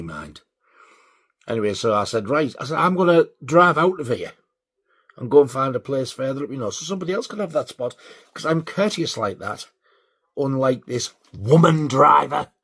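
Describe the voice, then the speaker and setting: Husky sweary northeast bloke. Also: male voice, lowish voice. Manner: sweary, animated when riled. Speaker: vlogger. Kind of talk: casual storytelling.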